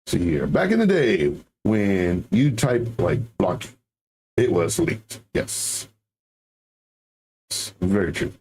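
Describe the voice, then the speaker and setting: A man's voice: on the low side, big pitch swings, slow, long pauses, a little mellow, a little hiss or hum. A man hosting a live trading stream, talking casually with sarcastic asides and rhetorical questions while reading chat. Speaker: crypto trading livestream host. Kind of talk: casual livestream commentary.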